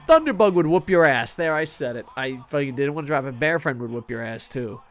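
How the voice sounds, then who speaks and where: Excitable, foul-mouthed man streaming. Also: a little high, moderate pace. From United States. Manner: excitable, profane, self-mocking. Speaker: game streamer. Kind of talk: casual gaming stream commentary.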